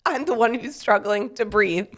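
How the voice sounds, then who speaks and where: A young woman co-hosting a podcast in casual chat, pregnant and a bit short of breath, playful and quick to laugh. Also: fairly high pitch, a bit bright, slight background noise. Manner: playful, teasing, laughs often. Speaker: podcast co-host.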